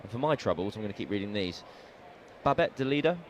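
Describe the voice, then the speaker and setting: Low-ish voiced guy on cricket radio, jokey, tells little stories, faint background hiss. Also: very fast. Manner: playful storyteller, jokey, stumbles over names. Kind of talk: casual sports radio chat.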